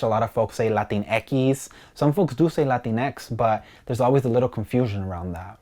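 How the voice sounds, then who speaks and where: A man's voice: medium pitch, darkish tone. A young man talking to camera in a casual explainer vlog, chatty and slangy, with "like" throughout his speech. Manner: informal and slangy. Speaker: video creator.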